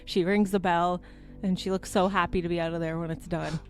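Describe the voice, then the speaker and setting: A woman's voice: lowish voice, steady tone, brisk, soft background music. A woman co-hosting a morning radio show, telling a story in a chatty way. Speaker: radio co-host.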